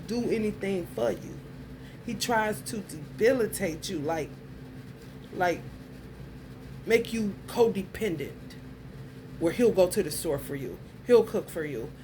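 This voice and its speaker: A woman's voice: mid-range voice, expressive, a little slow, pauses often. A woman in a mid-range voice talks straight to her viewers in a blunt, heated rant. She swears freely as she works through her story, and a faint hiss sits under her voice. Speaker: vlogger. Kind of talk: casual monologue to camera.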